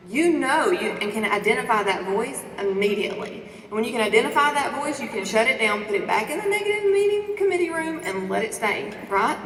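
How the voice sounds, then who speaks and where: A woman giving a lively motivational talk to a conference audience, asking the crowd questions and preaching about faith and confidence. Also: a little high, a little hiss or hum. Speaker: conference speaker. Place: large conference hall. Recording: echoey hall recording from a distance.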